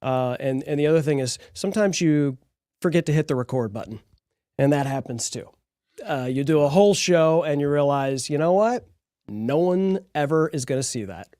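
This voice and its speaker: Upbeat podcast host, dry close sound. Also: male voice, a little high, animated, moderate pace, warm tone, dry recording. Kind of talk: live podcast chat.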